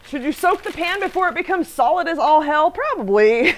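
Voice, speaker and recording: A woman's voice: very high voice, animated, fairly quick, slight background noise. A woman hosting a casual baking livestream, chatting with her co-host, reading viewer comments aloud and laughing often.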